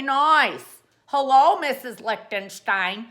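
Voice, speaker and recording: A woman's voice: high voice, measured pace, pushed and bright. A woman hosting a comic how-to show, playful and rambling, full of jokey asides. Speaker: host.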